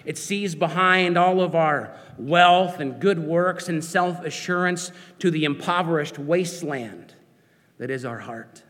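Slow earnest preacher in a reverberant hall. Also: male voice, fairly high pitch, a bit bright. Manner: earnest, searching questions to the listener. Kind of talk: sermon.

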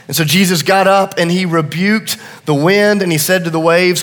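A middle-aged male pastor with a high voice preaches in a large church auditorium. He swings between quiet, close asides and rising, urgent passages. His words ring out with a long, hall-like reverb. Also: normal speed. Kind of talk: sermon.

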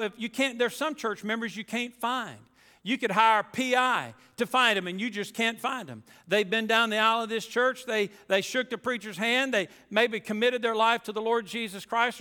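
A man's voice: high voice, sharp tone, clear, resonant tone, in a large hall. A man preaching a sermon as pastor, reading scripture aloud and then driving his points home with emphatic asides.

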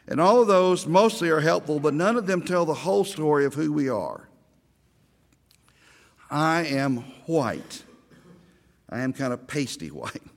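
A man's voice: on the high side, very animated, unhurried, vocal fry, long pauses, in a large hall. A middle-aged man from Oklahoma, a pastor giving a sermon, telling stories with self-deprecating humor.

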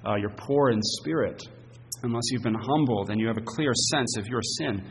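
Guy preaching a sermon, earnest, leans on words hard, long echo, bit of hiss. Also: lowish voice. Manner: earnest, emphatic preaching with fillers. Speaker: pastor. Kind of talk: expository sermon. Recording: long reverb, faint hiss.

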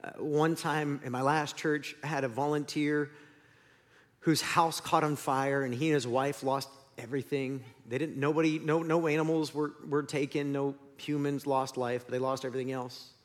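A man's voice: on the high side, level tone, moderate pace. A middle-aged male pastor preaching a candid, self-deprecating sermon full of stories. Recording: long hall reverb.

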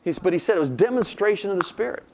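Man, older, preacher, sermon storytelling, acts out quotes, fairly high voice. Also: lively intonation, fast, darkish tone.

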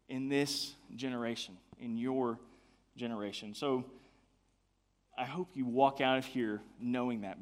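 A man's voice: a little high, sharp tone. A young adult man giving a casual youth sermon in a chatty way. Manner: casual, chatty, many fillers. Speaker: youth pastor.

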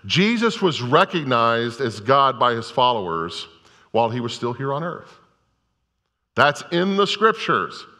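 A man's voice: mid-range voice, big pitch swings, a little slow, sharp tone. A male pastor preaching a sermon to a congregation, telling scripture stories in a conversational, storytelling way. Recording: long reverb of a large hall.

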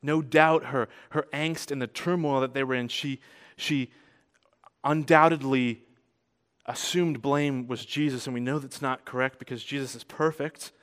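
A man preaching to his congregation in an easy, conversational way, his voice smooth and resonant. He tells the story with animated swings between loud and soft. A long hall reverb trails after his words. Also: medium pitch, unhurried. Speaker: pastor. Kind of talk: sermon.

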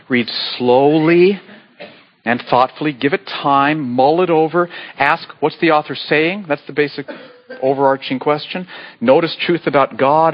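A man preaching a sermon as pastor, earnest and pleading, with sudden animated bursts. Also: on the high side, dull audio. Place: church sanctuary.

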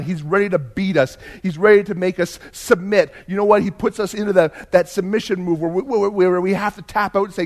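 A man preaching as a pastor in a church, telling a personal story in a lively way, moving from quiet asides to loud bursts. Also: sits high. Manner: animated storyteller, swings from hushed to loud.

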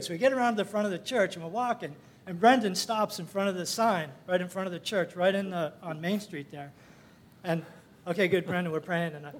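High-voiced older man telling a story. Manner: rambling, folksy, with frequent fillers and laughs. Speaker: church member sharing a testimony. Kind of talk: casual storytelling testimony.

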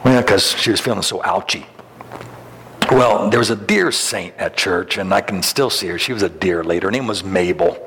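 In a hall with long reverb, a middle-aged male pastor speaks at normal speed in a deep, fairly bright voice, with a little hiss or hum on the track. His sermon leans on folksy anecdotes, punctuated by chuckles and frequent restarts.

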